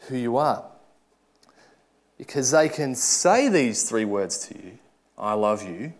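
A man preaching a sermon, earnest, swinging from loud urging to soft, quiet asides. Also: medium pitch.

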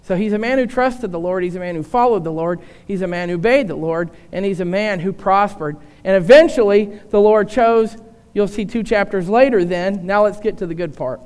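Older male preacher, very high clear voice, questioning style, reverberant hall. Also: lively intonation, moderate pace, a little mellow. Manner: rhetorical questions to the congregation. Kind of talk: sermon.

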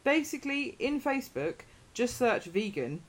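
A woman hosting a casual podcast chat, talking in a chatty, rambling way and getting animated when she retells stories. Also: high voice, moderate pace. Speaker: podcast host.

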